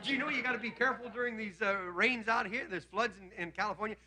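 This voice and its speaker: A man's voice: high voice, fast talker, very noisy. A man in his fifties, a comedian host, doing a folksy, rambling stand-up monologue in a television studio, chuckling at his own jokes. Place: television studio with live audience. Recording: old broadcast with loud audience laughter.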